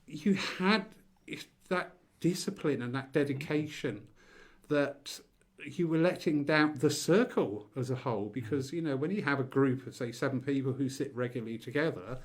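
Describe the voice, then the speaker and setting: A man's voice: medium pitch, moderate pace. A man hosting a casual discussion, joking and laughing often. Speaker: host.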